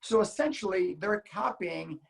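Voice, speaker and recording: A man from Illinois telling a story in casual chat, animated and acting out the voices he quotes. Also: high-pitched, moderate pace, creaky, low-quality recording. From Illinois, United States. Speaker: guest car enthusiast.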